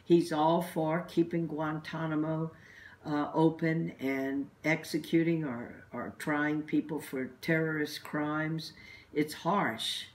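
A woman's voice: deep voice, steady tone, slow pace, recorded from a distance, a little hiss or hum. A woman who is a religious sister and activist, giving an earnest, emphatic recorded message of encouragement to protesters. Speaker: religious sister and anti-death-penalty activist.

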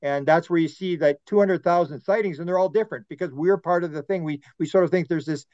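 Male podcast guest, animated rambling storyteller, slightly high voice, dull dry recording. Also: fast talker, no room sound. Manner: rambling, animated storyteller who acts out quotes. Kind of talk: podcast conversation.

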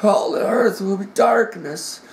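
A man preaching a dramatic sermon, retelling the story with passion and swinging from hushed tones to shouting. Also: sits high, measured pace, slight background noise. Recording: echoey room.

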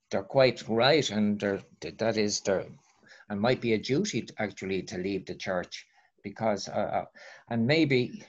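A man speaking on a panel, halting with many restarts and repeated words. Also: mid-range voice. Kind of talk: discussion on an online call. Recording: muffled call audio.

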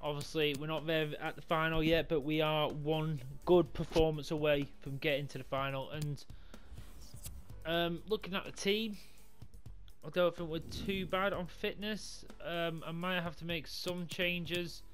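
A man commentating his own football video game run, swinging from calm talk to swearing and yelling at the screen. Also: fairly high pitch, a little slow. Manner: excitable, sweary, yells at the game. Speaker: gaming YouTuber. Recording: music playing behind.

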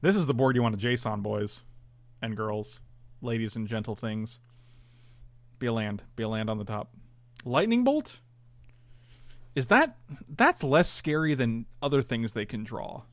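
A man's voice: mid-range voice, sing-song, a little slow, long pauses, no echo. A man casually commentating his own online card game, chatty and self-mocking, groaning at his bad draws.

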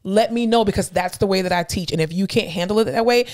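A woman's voice: mid-range voice, a little mellow. A woman in her thirties, a podcast co-host, telling blunt, profane workplace stories in casual chat. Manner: blunt, fast-talking storyteller, profane and emphatic. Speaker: podcast co-host and clinical instructor.

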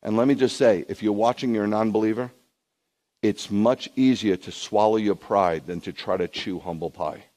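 A man, a rabbi, preaching a sermon to a streamed congregation, conversational with viewers at home and rising into emphatic bursts. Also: moderate pace. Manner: emphatic preaching, surges high and loud in bursts.

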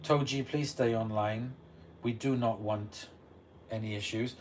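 Slow-talking man reading chat aloud. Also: fairly low pitch. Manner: reads out viewer comments and answers them. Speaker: livestream host. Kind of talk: casual livestream chat. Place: room at home beside a running washing machine. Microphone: distant mic. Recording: distant mic with steady background noise. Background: washing machine running.

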